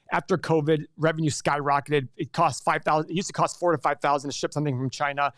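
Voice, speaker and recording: A man's voice: on the high side, fairly even intonation, quick pace, few pauses, a bit bright, no room sound, clean studio sound. A man hosting a casual live stream and answering viewer questions in a chatty, rambling way with frequent restarts. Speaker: livestream host.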